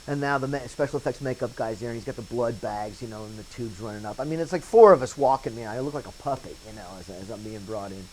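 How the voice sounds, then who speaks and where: A man recalling a story in a casual documentary interview, telling it with lively anecdotes and acting out the voices he quotes. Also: mid-range voice, fast, few pauses, slight background noise, poor audio. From Wilmington, North Carolina area. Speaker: interviewee, former set painter turned bit actor.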